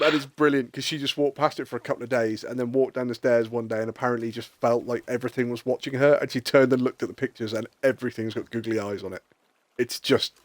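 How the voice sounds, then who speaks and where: A man's voice: mid-range voice, fairly bright tone, no echo. A man hosting a live stream, chatting casually, telling rambling stories and swearing freely. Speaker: streamer host. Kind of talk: casual chat.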